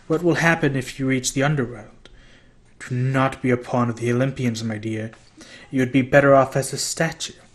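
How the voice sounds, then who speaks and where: A man's voice: medium pitch, steady tone, moderate pace, natural voice. A man doing a purring, sinister old gorgon woman. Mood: soothing. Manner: soft coaxing purr.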